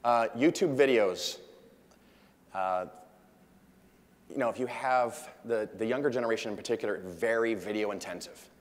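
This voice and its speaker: A man's voice: on the low side, normal speed, pauses often. A man giving a casual, jokey conference talk, acting out quotes from an anecdote. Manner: chatty, jokey, acts out quotes. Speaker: conference speaker. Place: large conference hall. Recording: long hall reverb.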